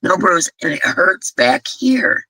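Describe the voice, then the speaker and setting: Gravelly, tired woman chatting live. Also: mid-range voice, animated, takes it slowly, bright, forceful tone. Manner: chatty, laughing, self-deprecating. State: exhausted from little sleep. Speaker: crochet channel host. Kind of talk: casual livestream chat.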